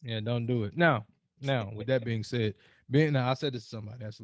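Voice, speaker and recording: A man hosting a casual podcast chat, telling stories with animated, acted-out rants. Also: mid-range voice, fairly quick, dry recording. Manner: animated storytelling, acts out quoted rants. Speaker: podcast host.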